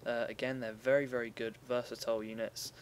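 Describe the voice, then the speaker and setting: A young man talks through a replay of a strategy game battle in a loose, chatty way, often stopping to correct himself. His voice sits at an everyday middle pitch. A faint ambient hum stays under his voice. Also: little pitch movement, brisk. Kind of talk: casual gameplay commentary.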